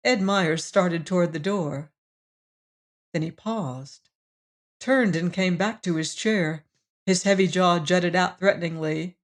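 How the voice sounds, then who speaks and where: A woman narrating a classic novel as an audiobook, measured and expressive. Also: on the low side. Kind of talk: scripted narration.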